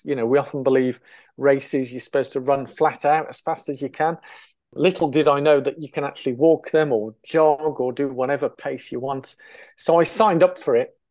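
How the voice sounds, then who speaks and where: An older English man in his sixties speaks as an interview guest, a voice pitched right in the ordinary middle range. He rambles warmly through his story, full of restarts and quick laughs. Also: fairly even intonation. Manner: chatty storyteller, laughs often, many fillers and restarts. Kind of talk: casual interview chat.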